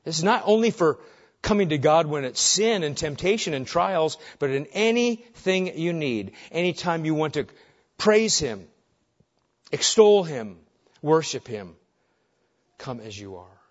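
A man's voice: fairly high pitch, expressive, unhurried. A man preaching a sermon as pastor, earnest and driving his point home with short repeated phrases. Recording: dull lo-fi recording.

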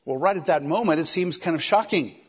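A man preaching a sermon in a conversational, animated way, acting out quoted lines. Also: a little high, fairly quick, slightly rough, muffled recording.

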